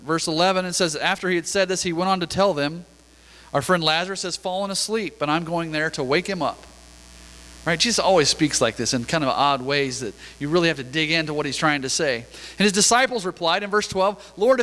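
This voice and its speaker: A man's voice: a little high, pushed and bright. A man preaching a sermon as pastor, reading scripture aloud and talking through it in a conversational way. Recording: long reverb of a church hall.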